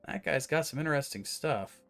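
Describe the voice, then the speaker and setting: A male streamer chats his way through a horror game, reading choices aloud and poking fun at himself. His voice sits a little high. Faint game music plays behind him. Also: animated, brisk, a bit bright. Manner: chatty, self-mocking, reads on-screen text aloud. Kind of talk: casual gameplay commentary.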